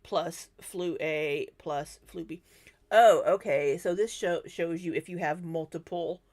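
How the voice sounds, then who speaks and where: A woman's voice: lowish voice, fairly even intonation, slow, darkish tone. A woman hosting a live commentary stream, reacting to video clips and answering viewers' comments in a chatty way.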